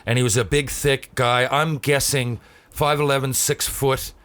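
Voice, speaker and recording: A man's voice: medium pitch, measured pace. A man hosting a podcast, telling a story in casual chat with plenty of swearing and restarts. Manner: profane, animated anecdote-telling with many restarts. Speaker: podcast host.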